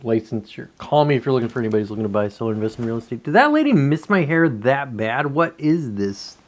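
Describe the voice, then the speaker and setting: A man's voice: medium pitch, expressive, quick pace. A man ranting on a casual livestream, frustrated and profane, rambling with many restarts. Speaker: livestreamer and real estate agent.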